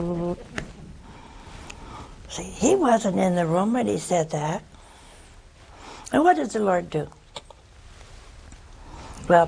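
Slow, gravelly-voiced woman preacher. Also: mid-range voice, slight background noise. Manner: animated, chuckling, playful asides to the audience. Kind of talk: sermon.

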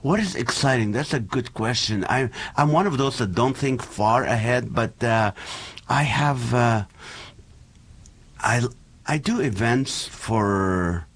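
A man in his forties, a comedian guest on a chat show, who talks in an animated, joking way. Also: mid-range voice, slow pace, husky. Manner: animated and joking, laughs often. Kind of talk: casual chat with comic bits.

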